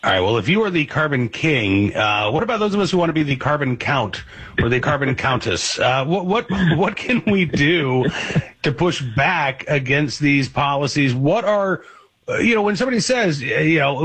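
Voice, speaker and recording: A man's voice: a little high, very animated, normal speed, fairly bright tone, slightly rough, no echo. A man hosting a radio talk show, asking chatty, rambling questions.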